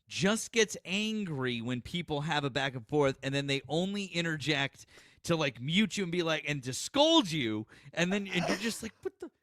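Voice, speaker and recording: A man from the Boston area, guest co-host on a casual livestream, joking and mocking with an expressive delivery. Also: fairly high pitch, normal speed, dry recording, clean studio sound.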